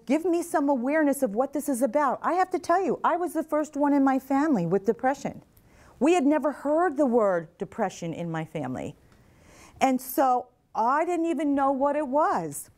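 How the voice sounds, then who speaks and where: A woman's voice: high-pitched, darkish tone. A middle-aged woman, a mental health advocate, giving an earnest talk to nursing students and asking them questions. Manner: earnest, asks the audience questions, repeats their answers. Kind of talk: motivational talk to a class. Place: classroom or lecture hall.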